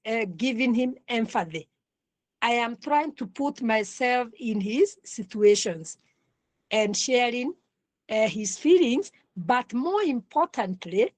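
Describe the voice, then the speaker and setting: A woman lecturing an online counselling class in a deliberate way, repeating her points and asking the class questions. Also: fairly high pitch, dry recording.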